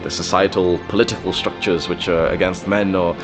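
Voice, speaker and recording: A young man with a very low, deep voice talks straight at the listener, blunt and full of swearing. He fills his sentences with "like" and restarts as he gives casual self-improvement advice. Soft music sits faintly underneath. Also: fairly even intonation, a little fast. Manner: blunt and profane, with frequent fillers.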